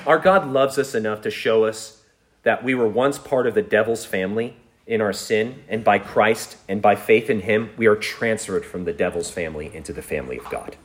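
Lively conversational male preacher. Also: fairly low pitch, normal speed. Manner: conversational, storytelling, chuckles often. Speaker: pastor. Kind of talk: sermon.

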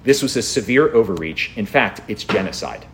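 A man's voice: fairly low pitch, lively intonation, moderate pace, a bit bright, a little hiss or hum. A man pastor preaching a sermon, reading scripture aloud and pressing his point with incredulous rhetorical questions.

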